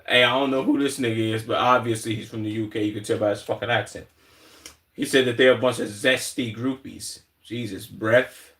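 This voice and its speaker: Man from Chicago, mid pitch, blunt and profane; off-mic streaming commentary. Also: a bit bright, recorded from a distance. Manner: blunt, profane, repeats words, emphatic asides. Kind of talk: live reaction commentary.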